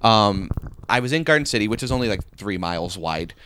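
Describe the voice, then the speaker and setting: Animated man telling stories. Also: on the low side, brisk, a little hiss or hum. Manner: animated storyteller, quotes people in put-on voices. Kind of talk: casual chat.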